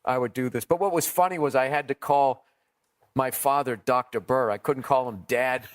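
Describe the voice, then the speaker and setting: A man, a comedian guest in an interview, telling profane, animated stories and acting out quotes. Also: mid-range voice, moderate pace. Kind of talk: storytelling interview.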